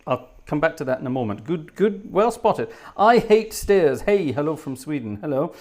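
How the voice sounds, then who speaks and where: A man's voice: on the high side, sing-song, a little fast, darkish tone. Chatty man greeting his viewers. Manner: cheerful, chatty, reads out names from the chat. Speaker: livestream host and organist. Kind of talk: casual live-stream chat, greeting viewers. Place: home organ studio.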